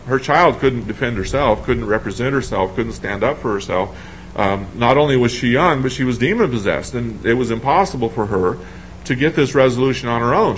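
A man's voice: medium pitch, a little hiss or hum, poor audio. A man preaching a sermon in a conversational way, asking his congregation questions and thinking aloud as he reads scripture.

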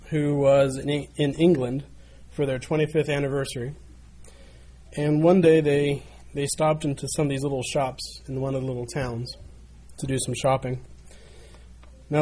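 A man's voice: medium pitch, a little mellow, a little hiss or hum. A man preaching a sermon, telling a story in an earnest way and building in volume as it goes. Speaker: pastor.

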